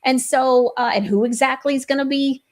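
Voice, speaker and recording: On her casual political talk show, a high-pitched female host rambles forcefully, slipping in lively quick asides that quote others.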